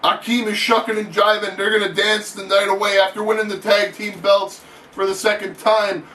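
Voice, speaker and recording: A man doing excitable, profane mock wrestling play-by-play commentary in an announcer's patter. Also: high voice, normal speed, distant mic. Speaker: channel host. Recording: echoey room, off-mic, faint noise.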